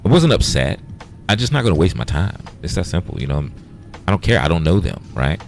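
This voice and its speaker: A man's voice: sits low, sing-song, a little fast, gravelly, faint music behind. A man hosting a casual livestream, bluntly retelling an argument with profanity and quoted back-and-forth. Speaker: livestream host.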